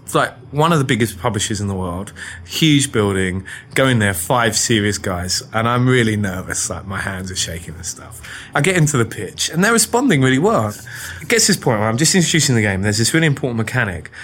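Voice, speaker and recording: A man's voice: lowish voice, brisk. An English man, a game developer, telling an anecdote in an interview and acting out the voices of people in his story. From England. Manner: animated, acts out voices in his stories.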